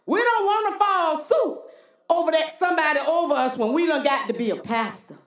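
A woman preacher delivering a folksy, animated sermon with call-and-response, in a church. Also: high voice, fairly quick. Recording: roomy church hall echo.

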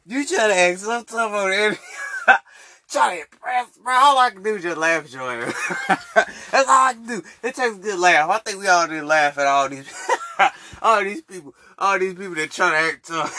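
Seated indoors at a stand mic he keeps pulling down, a man hosts a solo podcast, ranting boastfully and mockingly in street slang and laughing often between repeated phrases. His high voice is expressive, bright and forceful at a moderate pace, with a little hiss or hum.

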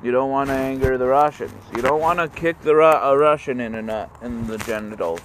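A man telling history as a crude, rambling comedy rant, halting with fillers and jumping into squeaky mocking voices. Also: a bit bright, a little hiss or hum. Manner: jumps into squeaky high mocking voices for countries.

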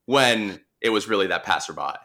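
A young man with a Long Island accent, telling a work story in a relaxed, chatty way, with lots of restarts and fillers. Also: lowish voice, a little fast. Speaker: marine mammal responder. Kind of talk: casual storytelling conversation.

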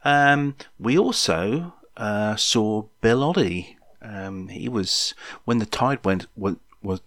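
Slowly and with lively intonation, a sixty-something podcast storyteller shares a loose memoir in a low, fairly bright voice. He meanders, cracks little jokes to the audience, and says um often. The recording is close and dry, no echo.

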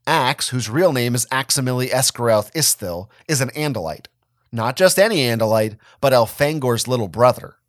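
A man giving a dramatic reading of a first-person story, expressive and wry. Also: mid-range voice, moderate pace, no echo, studio quality. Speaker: reader of a fan story.

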